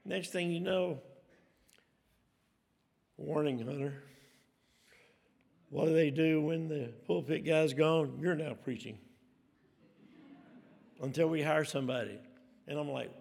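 A man's voice: fairly high pitch, slow pace, vocal fry, pauses often, darkish tone. A middle-aged man, telling rambling, self-deprecating stories from the pulpit. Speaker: preacher. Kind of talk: storytelling sermon. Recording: long hall reverb.

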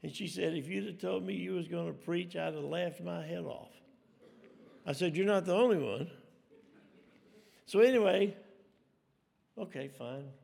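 Folksy man, gravelly, in a hall. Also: high voice, a little slow, long pauses, a little mellow. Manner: folksy, rambling, self-deprecating. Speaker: preacher. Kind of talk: storytelling sermon. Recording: long hall reverb.

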